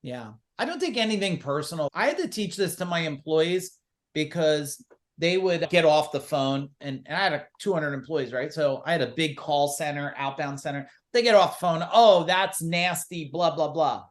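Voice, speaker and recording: A man speaking as a business coach and guest in a casual podcast interview, telling lively stories and acting out the dialogue in them. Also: a little high, normal speed. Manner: animated storyteller who acts out quoted dialogue.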